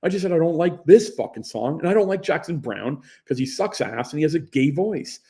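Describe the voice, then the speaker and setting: A man's voice: a little high, lively intonation, brisk, mellow, pitched above the performer's own voice. A male narrator voicing a belligerent, foul-mouthed young man in an argument, swearing and combative. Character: belligerent profane young man, arguing hotly.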